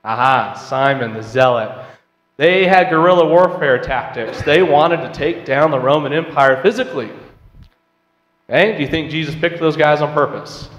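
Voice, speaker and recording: A man's voice: a little high, moderate pace, a bit bright, lo-fi sound. Man teaching a Bible class in a hall. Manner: conversational, asks the class questions, reads scripture aloud. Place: church auditorium. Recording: roomy hall with long reverb.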